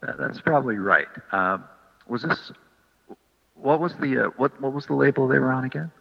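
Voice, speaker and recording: A man's voice: medium pitch, lively intonation, moderate pace, vocal fry, slightly rough, in a large hall, dull audio. A man co-hosting a radio show, talking hesitantly with a dry touch. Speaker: radio co-host. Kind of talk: casual radio banter.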